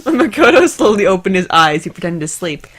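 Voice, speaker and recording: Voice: mid-range voice, big pitch swings, fairly quick, a bit bright. A young adult co-host reading fanfiction aloud in a mock-serious tone, often breaking into giggles between lines. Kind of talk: reading aloud with comic asides.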